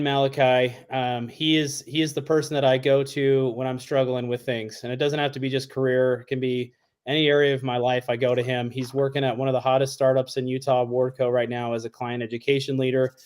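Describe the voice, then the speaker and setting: A man's voice: medium pitch, fairly quick, clean tone. A man guest speaking earnestly and a bit hesitantly about a close friend. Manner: relaxed, earnest with some hesitation.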